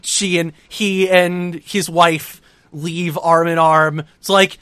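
A man co-hosting a casual podcast, recapping events in an animated, heavily profane way. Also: a little high, slow pace, clear, resonant tone, dry recording, studio quality. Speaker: podcast co-host recapping wrestling. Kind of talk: casual chat.

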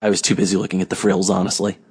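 A man's voice: sits low, flat delivery, rapid-fire, slightly rough. A man co-hosting a casual podcast, talking in a sarcastic, rambling way. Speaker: podcast co-host. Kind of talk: casual wrestling chat.

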